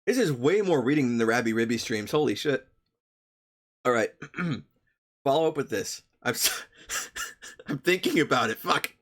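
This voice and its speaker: A young man streaming, reading a story aloud to his chat with profane, joking asides. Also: mid-range voice.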